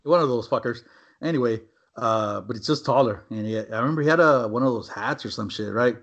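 A man's voice: mid-range voice, fairly quick, a bit bright. A young man telling a story to friends in a rambling, profane way, with lots of "man" and "right?" tags. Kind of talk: casual storytelling among friends. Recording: dull lo-fi recording.

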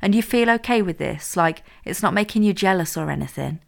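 A woman's voice: fairly low pitch, lively intonation, brisk, creaky. A woman reading as an eager female friend. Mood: enthusiastic. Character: warm supportive female friend. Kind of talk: read-aloud erotic story.

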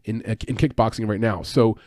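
A man's voice: lowish voice, steady tone, a little mellow, no echo, studio quality. A man hosting a show on fight betting, talking through picks in a casual, chatty way and correcting himself as he goes. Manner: fast, chatty, with fillers and self-corrections. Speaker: MMA betting podcast host. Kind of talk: casual fight-pick analysis.

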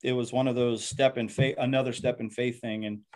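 A man's voice: medium pitch, little pitch movement, fairly quick, a little mellow, a little hiss or hum. A man who is a pastor, telling his life story in an earnest, reflective interview and often repeating words as he goes.

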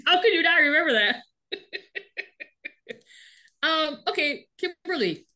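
A woman with a high voice and slow delivery co-hosts a podcast, recapping a TV episode casually. She's animated and laughs often as she tells it.

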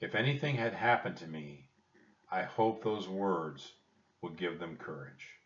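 Man putting on a stern army captain, commanding, grave, low voice, muffled echoey sound. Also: expressive, a little slow, fairly bright tone. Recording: distant roomy dull home recording.

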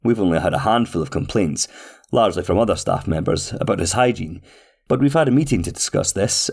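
A pompous restaurant manager reads his own letter in a man's voice, formal, flowery and overly courteous. The voice sits a little low. He keeps a steady storybook tone. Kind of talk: scripted reading of a letter.

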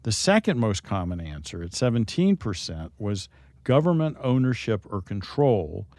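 A man's voice: on the low side, big pitch swings, normal speed, darkish tone, no room sound. A man hosting a talk show and explaining a topic in a lightly teasing, instructive way. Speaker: host.

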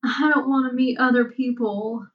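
Remorseful, blunt young woman read by a woman, earnest, a little higher than the narration, distant lo-fi sound. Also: steady tone, slow. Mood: anxious. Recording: distant, dull lo-fi mic.

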